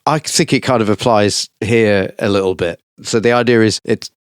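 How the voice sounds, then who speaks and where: A man's voice: on the low side, normal speed, clean tone, no echo, studio quality. A man, co-hosting a podcast and putting thoughtful hypotheticals to a guest. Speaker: podcast co-host. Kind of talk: interview questions.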